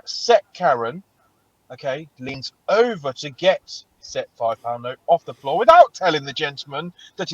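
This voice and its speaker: A man's voice: medium pitch, husky, dry recording, muffled recording. A man co-hosting a casual podcast and telling stories animatedly, swearing a lot. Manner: animated storytelling, heavy swearing. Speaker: podcast co-host. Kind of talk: casual chat.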